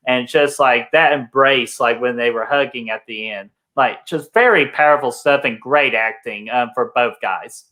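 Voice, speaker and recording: A man's voice: mid-range voice, normal speed, hardly any pauses, bright, forceful tone. A man co-hosting a casual movie review chat, earnest, with many fillers. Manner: earnest, filler-heavy talk with many likes and ums.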